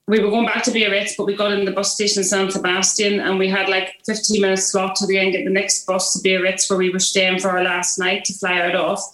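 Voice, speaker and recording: Woman, Northern Irish accent, chatty storyteller, echoey room. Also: mid-range voice. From Belfast, Northern Ireland. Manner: chatty, animated, lots of restarts and acted-out quotes. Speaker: guest. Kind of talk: casual storytelling.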